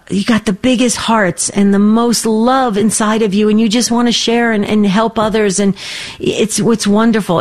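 A woman hosting a faith-based radio call-in show, affirming and encouraging her callers. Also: medium pitch.

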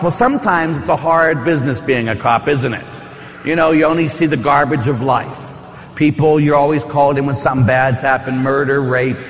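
Priest preaching in a reverberant church. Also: male voice, fairly high pitch, fairly bright tone. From Pittsburgh. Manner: storytelling, conversational with asides and rhetorical questions. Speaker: Catholic priest. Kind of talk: sermon.

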